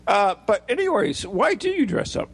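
A man's voice: high-pitched, sing-song, normal speed, slight background noise. A male podcast co-host from the United States with an American accent, chatting in an easygoing, rambling way. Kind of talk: casual chat.

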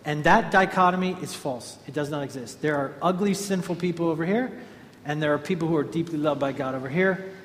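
A man's voice: fairly high pitch, brisk, hardly any pauses, a little hiss or hum. Man preaching in an echoey hall. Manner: storytelling, animated and conversational. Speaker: pastor. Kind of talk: sermon. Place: large hall with an audience. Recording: echoey hall, faint ambience.

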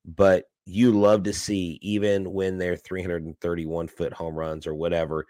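A man with a very deep voice riffs and teases his co-host on a sports podcast, in an easy, joking way. His voice sounds dry, with no room sound. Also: level tone, normal speed, a little mellow, no echo. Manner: joking, teasing banter. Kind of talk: casual sports podcast chat.

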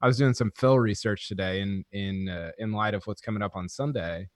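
Golf writer guy, lowish voice, wry and chatty, stumbles into sentences, dry sound. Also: brisk, dry recording. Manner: stammering starts, wry and chatty. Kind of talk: casual podcast chat.

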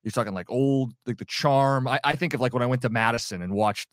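A man in casual podcast talk, curious and halting as he works through his thoughts with lots of "like"s. His voice sits at a middle pitch and sounds dry and close to the mic. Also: no echo. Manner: curious, searching for words with many "like"s. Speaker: podcast co-host. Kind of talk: casual chat.

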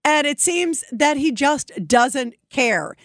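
A woman's voice: sits high, animated, slow, dry recording, studio quality. A woman giving emphatic, indignant political commentary. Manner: indignant, emphatic, mocking quotes. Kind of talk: opinion commentary.

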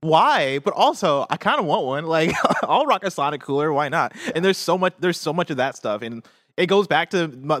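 A man's voice: on the high side, fairly bright tone, no room sound, studio quality. A young adult man co-hosting a video game news show in casual chat, rambling and often adding "right?" and "like". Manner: fast and rambling, lots of "right?" and "like".

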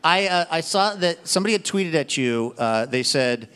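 A man's voice: fairly high pitch, expressive, moderate pace, pushed and bright, smooth. Guy hosting an interview, hesitant "uh" before each question, curious tone. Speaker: interviewer, host.

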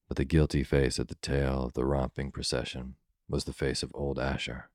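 A male storyteller slowly reads a classic holiday tale to listeners drifting off to sleep, in a calm, soothing, unhurried way. His voice is extremely deep and flat, and the recording is close and dry with no room sound or echo.

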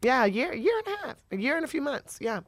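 A woman comedian telling a personal story in a candid interview, lively and profane, often acting out the voices of the people in it. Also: high-pitched, fast talker, no echo. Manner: animated, profane, acts out voices in her stories. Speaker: stand-up comedian guest.

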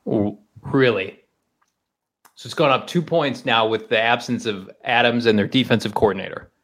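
Animated man on a sports podcast. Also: mid-range voice, moderate pace. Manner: animated, joking, laughs easily. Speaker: podcast co-host. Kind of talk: casual sports podcast chat.

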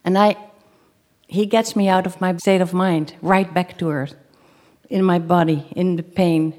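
Slightly low-voiced woman telling a story. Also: fairly even intonation. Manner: halting, repeats and restarts phrases; acts out her own shouted pleas. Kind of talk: live first-person storytelling.

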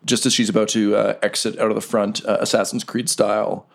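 A man's voice: fairly low pitch, brisk, gravelly. A man narrating a tabletop role-playing game as the dungeon master, describing scenes with frequent "uh" fillers. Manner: relaxed, many "uh" fillers while describing scenes.

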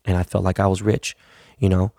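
Blunt, profane man with a gravelly voice. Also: sits low, flat delivery, fairly quick, mellow. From United States, West Coast. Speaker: podcast host. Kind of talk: casual monologue.

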